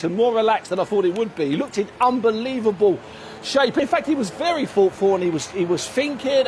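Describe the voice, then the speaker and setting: A boxing reporter on a radio sports show, telling stories in a lively, anecdotal way. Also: male voice, very high-pitched, a little hiss or hum.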